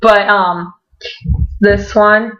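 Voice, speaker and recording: A young woman telling a story in a casual vlog, excitable, often swearing and laughing, with lots of "like". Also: medium pitch, drawn-out words. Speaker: vlogger. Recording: echoey room, dull lo-fi sound.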